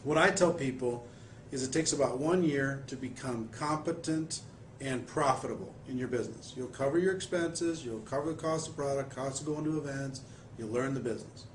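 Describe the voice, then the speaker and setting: A man's voice: mid-range voice, brisk. A man hosting an interview, asking long framing questions and giving coaching advice to viewers. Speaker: interviewer, network marketer. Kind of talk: conversational interview. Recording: roomy echo, faint background noise.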